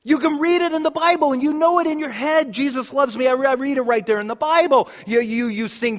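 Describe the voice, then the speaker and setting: A man preaching a sermon as pastor, swinging between emphatic passages and soft, hushed ones, and repeating words as he builds a point. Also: extremely high pitch, normal speed, big-room sound.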